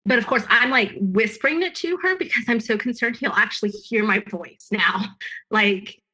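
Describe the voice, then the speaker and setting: A woman's voice: on the high side, normal speed, pushed and bright, poor audio. A woman telling her own story as a guest, earnest and emphatic, often restarting her sentences. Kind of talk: personal storytelling.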